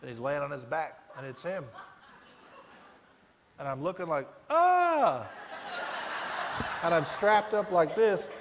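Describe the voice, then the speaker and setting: Animated man telling a story on stage. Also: a little high, normal speed, long pauses, noisy background. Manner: animated storyteller, swinging between loud and hushed. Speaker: keynote speaker. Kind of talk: motivational keynote storytelling. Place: large conference hall. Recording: echoey hall, faint ambience.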